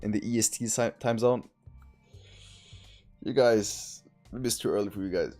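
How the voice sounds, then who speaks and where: Low-voiced man chatting on a live stream. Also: normal speed, dark tone, faint music behind. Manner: loose, rambling, swears casually. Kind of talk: casual live-stream chat.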